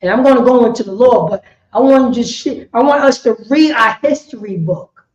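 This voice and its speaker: High-voiced woman preaching in an echoey room. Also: brisk. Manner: emphatic, repetitive, swings from shouting to quiet. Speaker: teacher of a religious law class. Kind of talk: impassioned preaching lecture. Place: indoor meeting room. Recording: roomy, slightly dull lo-fi sound.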